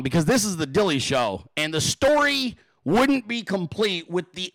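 Male host, high lively voice, bright, profane storytelling, dry sound. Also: no room sound, poor audio. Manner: animated, crude, keeps asking "okay?". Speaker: podcast host.

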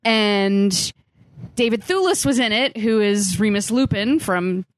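Brief: woman podcast co-host, lively, slightly high, dry close sound, casual nerdy chat. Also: slow pace, no echo. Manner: animated, nerdy, laughs often.

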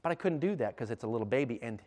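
A man telling a personal story in a sermon, animated and emphatic, his intensity rising as he speaks. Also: medium pitch, racing. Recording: long reverb of a hall.

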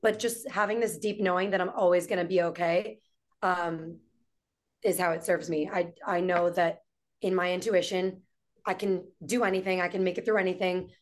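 A woman guest on a podcast, an entrepreneur and singer, telling stories in a lively, casual way with lots of "like.". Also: fairly low pitch, moderate pace. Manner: animated storyteller with frequent "like". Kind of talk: casual conversation.

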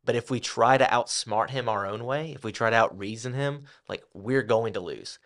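A man's voice: mid-range voice, moderate pace, a bit bright. A man co-hosting a Bible teaching podcast, explaining casually and peppering his speech with "like". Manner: casual explaining with many "like" fillers. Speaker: podcast co-host.

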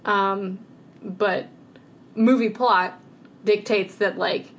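A woman co-hosting a podcast in casual chat, talking in quick, filler-heavy bursts. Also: medium pitch, fairly even intonation. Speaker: podcast co-host.

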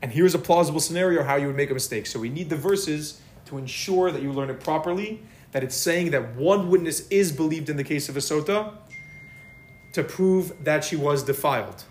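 A man's voice: a little high, fairly quick, a little mellow, slight background noise. Casual man teaching a Talmud class. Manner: casual, repeats words for emphasis. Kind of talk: informal Talmud lesson.

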